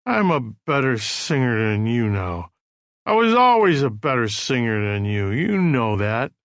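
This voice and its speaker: A man's voice: on the high side, very animated, fairly bright tone, no room sound, full character voice. A man voicing a brash, drunken male singer who slurs and drawls his words as he talks back to his old partner, in an audiobook. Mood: slurring boastful. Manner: slurring, drawn-out drunken delivery.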